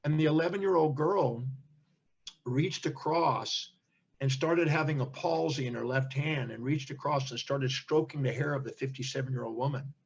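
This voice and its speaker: An older man who teaches seminars tells stories in an interview, animatedly acting out the voices of the people in them. His voice is on the high side and husky, at a normal speed, and the recording sounds lo-fi.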